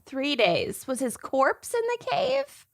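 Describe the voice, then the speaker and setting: A woman's voice: sits high, huge pitch swings, slow, vocal fry, no room sound, studio quality. A woman co-hosting a casual podcast, joking and a bit scattered as she chats. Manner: joking, self-deprecating, scattered. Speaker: podcast co-host. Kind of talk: casual chat.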